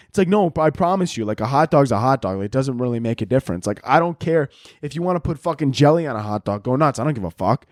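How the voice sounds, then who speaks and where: A man's voice: on the high side, fast, a little mellow, no room sound, clean studio sound. A young man from the Chicago area hosting his own podcast, ranting crudely and jokingly with lots of fillers. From Chicago area, United States. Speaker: podcast host. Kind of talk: casual solo podcast rant.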